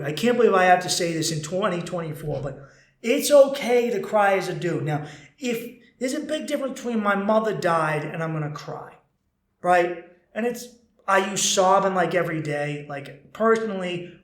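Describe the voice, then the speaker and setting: Blunt, animated man in a roomy space. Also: high-pitched. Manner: blunt, animated, swears freely. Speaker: podcast host. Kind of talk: casual podcast monologue. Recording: roomy echo.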